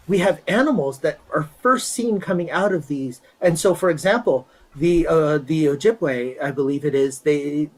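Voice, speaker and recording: A man's voice: on the high side, poor audio. Man, guest astronomy presenter; chatty, enthusiastic explainer and storyteller. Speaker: guest speaker at an astronomy event.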